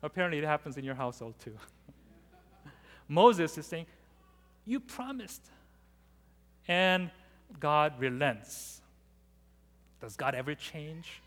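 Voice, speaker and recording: A man with a high, bright voice delivers a sermon, lively and dramatic as he acts out the passages he quotes. His words ring through a big hall with a long reverb trailing behind them. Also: measured pace, long pauses. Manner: animated, acts out scripture quotes. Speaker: preacher.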